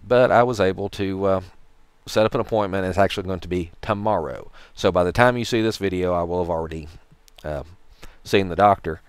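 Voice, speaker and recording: A man's voice: sits low, a little fast, smooth, dry recording. A man with a Tennessee accent talking to the camera in a casual vlog, telling a rambling story with wry, dry sarcasm. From Tennessee, USA. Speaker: vlogger.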